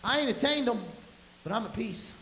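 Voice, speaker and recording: A man's voice: extremely high pitch, animated, brisk, sharp tone. A man with a drawl preaching a folksy, storytelling sermon to his congregation, with emphatic bursts. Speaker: pastor. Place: church sanctuary. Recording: echoey room with faint hiss.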